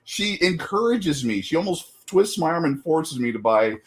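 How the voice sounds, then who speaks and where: A man's voice: on the high side, sing-song, normal speed. A middle-aged man chatting casually as a guest, rambling with lots of fillers and laughing at himself often. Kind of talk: casual chat.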